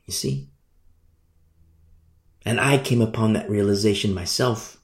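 A man's voice: lowish voice, measured pace, gravelly, long pauses, roomy sound. A man preaching a sermon, repeating key phrases and asking emphatic rhetorical questions. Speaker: pastor.

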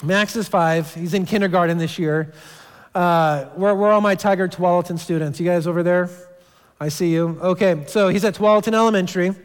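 Speaking a little fast in a high, clear, resonant voice, a thirtysomething man preaches in a church sanctuary. He tells stories in a relaxed way, repeatedly restarting phrases, as a long hall reverb trails behind.

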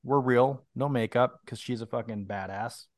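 A man's voice: mid-range voice, moderate pace, no echo, clean studio sound. Casual man sharing movie trivia. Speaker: podcast co-host. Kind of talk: casual podcast chat.

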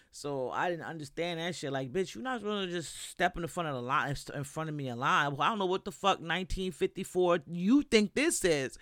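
A woman's voice: on the low side, fairly bright tone, dry recording. Podcast host: a New woman, candid and profane, talking straight to the listener in a dry, dead room. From New York. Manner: blunt and profane, candid storytelling. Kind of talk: casual monologue.

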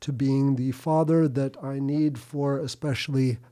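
Man, mellow voice, reflective, halting restarts, casual podcast chat. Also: medium pitch, steady tone.

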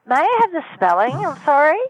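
A woman's voice: sits high, sing-song, fairly quick, no room sound, highs cut off. A woman working a car-buying intake line, politely asking for details and asking the caller to repeat himself. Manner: polite, patient, asks to repeat. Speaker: phone intake agent. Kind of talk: scripted customer service call.

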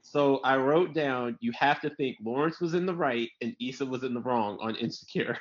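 A New York–area man with a mid-range voice hosts a casual comedy podcast at a normal pace. He's an animated storyteller who rambles loosely through his tales, acts out quotes, and swears freely. The audio is slightly dull and lo-fi.

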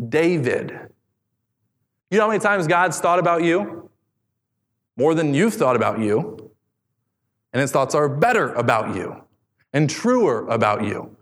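A man preaching a sermon, animated, reading scripture aloud and acting out voices. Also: a little high, measured pace, pauses often. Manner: animated preaching, acts out David's voice. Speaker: pastor. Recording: long hall reverb.

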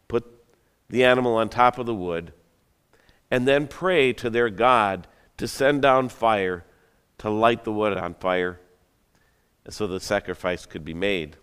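A man's voice: on the low side, fairly bright tone, smooth. A man preaching a sermon, retelling a story in a conversational, dramatic way with joking asides. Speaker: pastor. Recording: long hall reverb.

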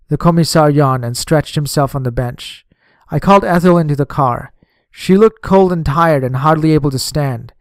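A man narrating a memoir in a measured, steady audiobook reading on a close microphone. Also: on the high side, no room sound.

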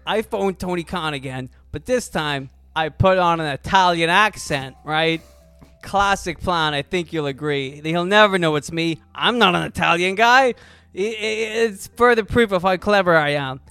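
A man's voice: high-pitched, normal speed, pushed and bright, clean tone, no echo, soft background music. A man delivering a boastful, rambling comic monologue in character, chuckling at himself and throwing in "bro.". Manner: boastful, rambling, self-amused, says "bro".

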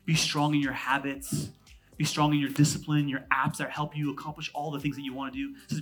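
Husky-voiced man preaching a sermon. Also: a little high, level tone, soft background music. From California. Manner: swings between loud emphatic lines and hushed ones; quick, conversational preaching with humor. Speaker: pastor.

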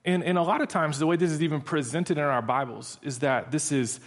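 A man's voice: on the high side, a little fast. A man preaching a sermon in a humorous, conversational storytelling manner.

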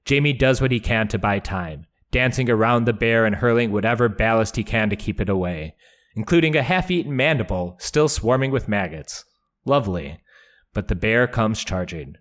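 A man's voice: lowish voice, lively intonation, normal speed. A man hosting a podcast, recapping a book chapter with wry, profane asides and dramatic readings. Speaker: podcast host.

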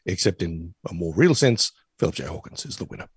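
A man's voice: deep voice, expressive, fairly quick, husky, no echo, studio quality. A man co-hosting a podcast in casual chat, joking dryly and stumbling into restarts as he talks. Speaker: podcast co-host.

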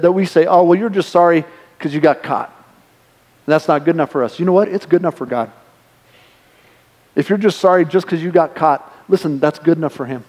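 A man's voice: high voice, darkish tone. A man in his forties preaching a conversational sermon to his church, acting out the voices he quotes. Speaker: pastor. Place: church sanctuary. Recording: long hall reverb.

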